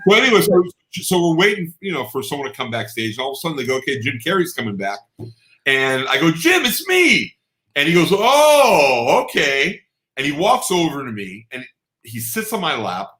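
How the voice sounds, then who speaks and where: A man, a guest photographer, telling stories in casual chat, animated and quick to laugh and exclaim. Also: mid-range voice, echoey room.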